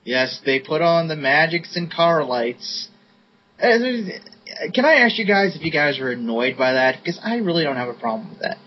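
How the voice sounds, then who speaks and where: A man's voice: on the high side, lively intonation, moderate pace. A man co-hosting a casual podcast, recapping matches in a laid-back way with many fillers. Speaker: podcast co-host. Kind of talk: casual wrestling review chat. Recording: dull lo-fi podcast audio, faint hiss.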